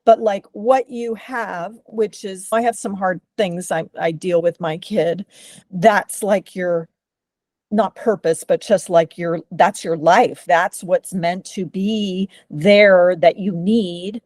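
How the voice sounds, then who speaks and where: A woman's voice: lowish voice, fairly even intonation, slow pace, darkish tone, no room sound. Woman thinking aloud on a call. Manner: reflective, thinking aloud, many fillers. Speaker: call participant. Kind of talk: casual chat on a video call. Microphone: video call.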